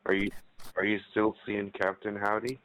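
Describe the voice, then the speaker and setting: A man's voice: fairly low pitch, monotone, normal speed, fairly bright tone, no room sound. A man on a phone call, asking short and terse questions. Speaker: phone scammer.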